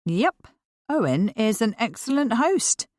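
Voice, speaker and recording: A woman reading a cheeky, teasing male friend in a story, lowering her voice for him. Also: sing-song, slow, darkish tone, no echo, clean studio sound. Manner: teasing, lazy. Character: cheeky teasing man, lanky old friend.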